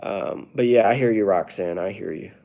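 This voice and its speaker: A male comedian chatting casually with viewers on a live stream, playful and riffing in quick rhymes. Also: on the low side, mellow.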